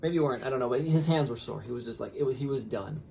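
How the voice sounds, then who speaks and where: Man, 30s, gravelly voice, animated storytelling, faint background noise. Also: medium pitch, rapid-fire. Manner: animated, laughing, lots of fillers and quoted asides. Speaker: podcast host, father. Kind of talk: casual storytelling.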